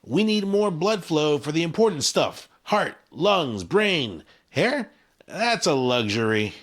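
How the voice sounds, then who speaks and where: A man putting on a bossy voice for the human body, in a jokey mock accent, pitched up and sliding around, dismissing hair as a luxury. A quick comic aside in a spoken explainer. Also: big pitch swings, fairly bright tone, full character voice. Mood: dismissive.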